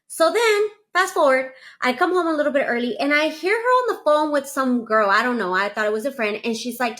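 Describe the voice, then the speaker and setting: Young adult woman, slightly high voice, casual storytelling, animated, acts out quoted dialogue. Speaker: storyteller in a played clip.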